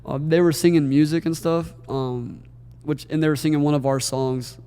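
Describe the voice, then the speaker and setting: A man talking casually and a little emotionally, rambling through a story. His voice sits a touch high for a man. It carries a long hall reverb around it. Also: steady tone, moderate pace, mellow, smooth. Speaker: podcast co-host. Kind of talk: casual chat. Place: wedding venue.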